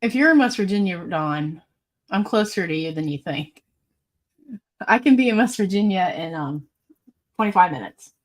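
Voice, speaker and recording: A woman's voice: lowish voice, animated, normal speed, long pauses. A woman hosting a casual live stream, reading viewer comments aloud in a chatty, rambling way and laughing often. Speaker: livestream host.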